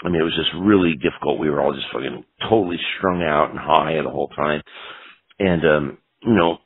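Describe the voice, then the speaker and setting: Rumbling low, creaky, and slightly rough, a man's voice goes a little fast as he rambles through stories. He's a punk guitarist in his 50s guesting on an interview, profane and fond of "you know." Audio is dry and close, without echo, yet tinny and phone-like.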